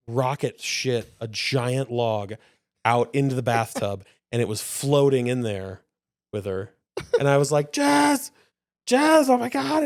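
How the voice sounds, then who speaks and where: A man's voice: mid-range voice, clean tone, no echo, studio quality. A man co-hosting a casual podcast, telling a long story with laughter and swearing. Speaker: podcast co-host.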